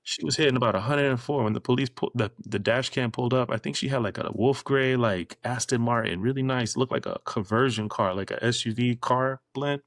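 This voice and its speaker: A man with a gravelly, creaky voice tells a story on a podcast in casual chat, animated and quick to imitate others. His mic sounds dry and close, with no room echo. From Florida. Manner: animated storytelling, mimics people in a high voice. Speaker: podcast co-host.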